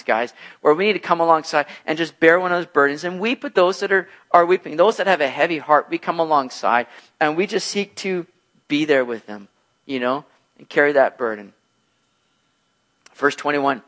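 A man preaching through a Bible passage in a casual, lively way. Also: a little high. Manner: lively, acts out bubbly and gloomy voices in his examples. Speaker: pastor. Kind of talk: expository sermon, casual and animated.

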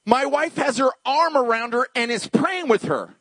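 Male pastor, lively sermon storyteller who voices each character, close and dry. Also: very high voice, normal speed, dry recording. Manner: animated storyteller acting out dialogue, dropping to hushed tones.

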